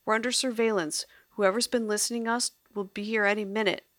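A woman voicing a sharp, fierce young female spy who speaks urgently and with scorn in a read-aloud story. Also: mid-range voice, steady tone, brisk, no room sound, clean studio sound, pitched above the performer's own voice, close to an everyday voice.

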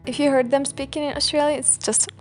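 A woman's voice: sits high, fairly even intonation, quick pace, darkish tone, faint music behind. A young Algerian woman with an Algerian accent and American-learned English, co-hosting a casual podcast with playful asides and frequent laughs. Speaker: podcast co-host.

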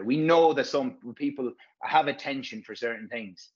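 The recording is muffled, carrying a brisk, mid-range male voice. He presents a physio course and here chats frankly in podcast style, rambling along and swearing freely.

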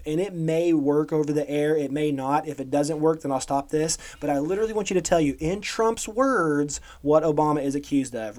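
A man's voice: a little high, a little mellow. A man co-hosting a podcast, ranting about current events in a sarcastic, emphatic way and often tagging on "okay?". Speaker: podcast co-host. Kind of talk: opinionated current-events rant.

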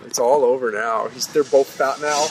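A man in his twenties from California, a podcast co-host telling profane, animated stories in a casual chat. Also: medium pitch, normal speed, poor audio. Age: 20s. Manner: profane, animated storytelling with acted-out quotes.

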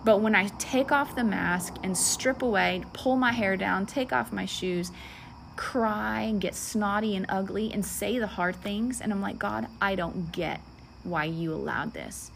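A woman giving a sermon testimony, earnest and emotional, dropping into soft whispers at times. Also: medium pitch, a little slow, creaky, slight background noise. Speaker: preacher.

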